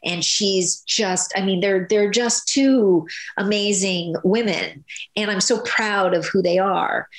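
A woman in her fifties, a soap opera actress, chatting in an interview in a rambling, animated way, full of restarts and "you know"s. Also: mid-range voice, slow pace, reverberant. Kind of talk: casual interview chat.

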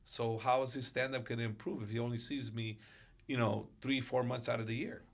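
A man, a martial arts coach guesting on a podcast, telling stories animatedly and acting out quotes with big jumps in pitch. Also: steady tone, a little fast. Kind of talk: storytelling on a podcast.

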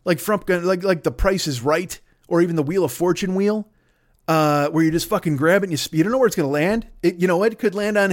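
A man delivering a rambling, profane comedic monologue as podcast host, stammering through restarts and shouting out bits. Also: high-pitched, a little fast, no echo, studio quality. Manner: shouts bits in put-on voices.

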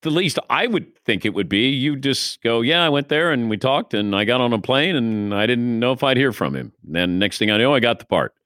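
A man's voice: medium pitch, animated, fairly quick, few pauses, fairly bright tone, dry recording, clean studio sound. A man interviewing an actor, asking engaged questions.

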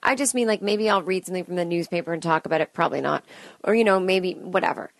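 A woman's voice: on the low side, quick pace, vocal fry, no echo. A woman in her late thirties hosting a solo podcast, rambling and self-deprecating with chatty asides, talking alone at home into a close mic. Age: late 30s. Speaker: podcast host and comedian. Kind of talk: solo stream-of-consciousness podcast. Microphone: close studio mic.

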